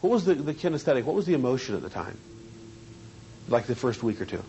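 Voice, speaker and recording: A man's voice: medium pitch, big pitch swings, fast talker, mellow, a little hiss or hum, rough recording. A man teaching a seminar on hypnosis in a training room, talking conversationally and asking the group questions.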